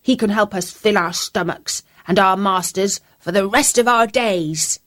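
A woman's voice: mid-range voice, unhurried, fairly bright tone, natural voice. Woman doing a scruffy, hearty old mutt. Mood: coaxing.

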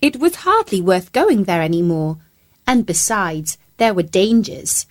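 Expressive, playful woman storyteller. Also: medium pitch, a little slow. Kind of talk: storybook narration as a mouse.

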